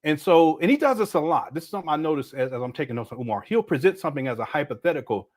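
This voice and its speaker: A man's voice: on the high side, lively intonation, rapid-fire, darkish tone. A middle-aged man hosting a livestream, reacting to a clip with frequent laughter and chatting to viewers. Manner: laughs a lot, talks to chat viewers. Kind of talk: casual reaction commentary.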